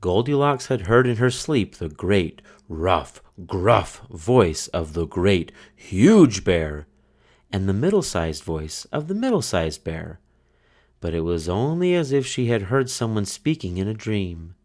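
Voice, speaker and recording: A man reading a children's fairy tale aloud in a slow, expressive storytelling manner. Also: deep voice. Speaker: storybook reader. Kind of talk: children's book read-aloud.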